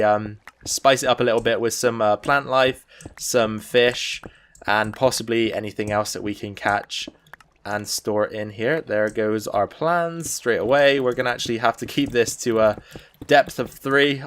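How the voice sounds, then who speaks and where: A man's voice: mid-range voice, fairly bright tone. Man thinking aloud over gameplay. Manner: thinks aloud with frequent ums and restarts. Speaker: let's play host. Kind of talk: casual gameplay commentary.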